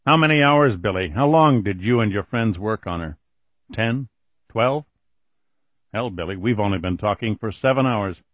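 Man doing a cold, quiet male interrogator. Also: fairly low pitch, lively intonation, no room sound. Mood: accusing. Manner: quiet, measured, menacing. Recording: dull lo-fi audiobook recording.

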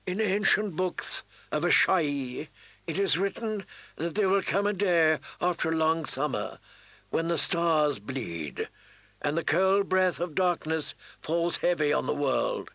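A man's voice: fairly high pitch, expressive, measured pace, vocal fry, sharp tone, no room sound, heavily acted. A man voicing a fervent, commanding female priestess who chants her prophecies in a raised, incantatory voice. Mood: solemn prophecy.

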